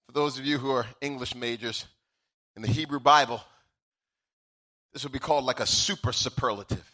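A man's voice: mid-range voice, fairly even intonation, a little fast, pushed and bright. A male pastor preaching a sermon, swelling into sung-out, emphatic lines and then easing back into conversational asides.

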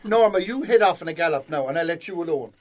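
Irish man, podcast guest, high bouncy voice, jokey yarn-spinner, crowd chatter behind. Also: animated, fast talker. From Ireland. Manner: jokey storyteller, laughing as he talks. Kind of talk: casual chat. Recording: loud crowd noise behind.

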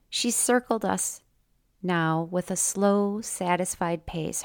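A woman's voice: mid-range voice, no echo, studio quality. A woman narrating a first-person memoir to her listeners, with wry, conversational asides. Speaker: storyteller.

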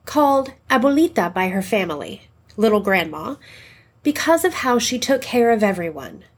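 A woman reporter giving scripted true-crime narration in a dramatic, measured way. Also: mid-range voice, very animated, slightly rough.

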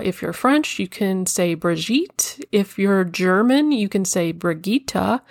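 A middle-aged woman hosting a podcast, talking in an earnest, personal way with soft pauses and fillers. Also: mid-range voice, no room sound, studio quality. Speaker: podcast host. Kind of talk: personal reflective podcast talk.

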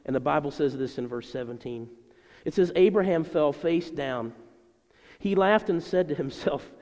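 A middle-aged male pastor preaching a sermon to his congregation in a conversational, animated way. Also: on the high side, moderate pace. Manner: conversational and animated, voicing people in his stories. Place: church sanctuary. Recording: long reverb of a large church hall.

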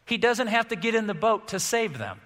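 Man, pastor, sermon, animated delivery, bright tone, slightly high voice, long hall reverb. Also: moderate pace. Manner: animated, acts out quotes with big swings in loudness.

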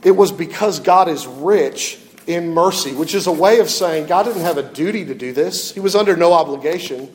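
A man's voice: on the high side, moderate pace, hardly any pauses, in a large hall. A male pastor preaching a sermon emphatically, often repeating his questions and building to fervor.

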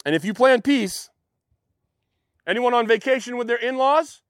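A man's voice: extremely high pitch, moderate pace, clear, resonant tone, dry recording, clean studio sound. A man preaching a sermon, telling a personal story and putting questions to his listeners. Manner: storytelling, acts out quotes, asks the audience questions. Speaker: pastor.

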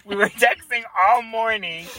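A man co-hosting a podcast, teasing his friend and breaking into high laughs. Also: measured pace, sharp tone, dry recording. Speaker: podcast co-host. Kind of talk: casual chat.

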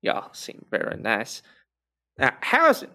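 A man's voice: medium pitch, huge pitch swings, slow, pushed and bright, exaggerated voice. A man voicing a friendly male robot janitor with six arms, with a folksy drawl and a kindly, teasing manner.

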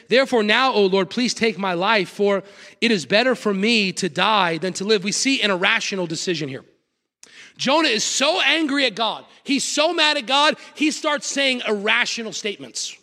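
A man preaching a sermon in church, emphatic and repetitive, with sudden loud bursts. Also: very high voice, long reverb tail. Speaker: pastor. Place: church sanctuary.

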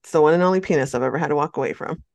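A woman from California co-hosts a casual podcast and tells her stories with candid, dramatic flair, laughing often. Her voice sits on the low side for a woman. The recording is dry and close. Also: racing, a little mellow, no room sound. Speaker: podcast co-host. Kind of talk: casual chat.

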